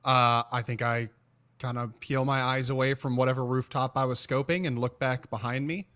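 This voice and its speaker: A man's voice: medium pitch, steady tone, moderate pace, a bit bright. Wry man playing a tabletop game. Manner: wry, dry humor, drops into a smug in-character drawl. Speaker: player.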